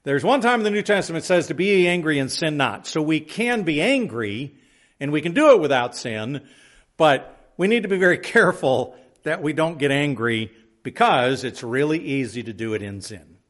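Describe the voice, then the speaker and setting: Fairly high-voiced man teaching scripture. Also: lively intonation, normal speed, a bit bright. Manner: unscripted, with frequent restarts and "uh", reading scripture aloud. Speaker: Bible teacher. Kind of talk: verse-by-verse Bible teaching.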